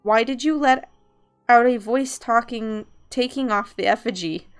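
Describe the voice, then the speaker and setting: A woman voicing an angry young man who scolds loudly in a game reading. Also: fairly high pitch, measured pace, clean tone, soft background music. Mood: angry scolding. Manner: shouting, reproachful.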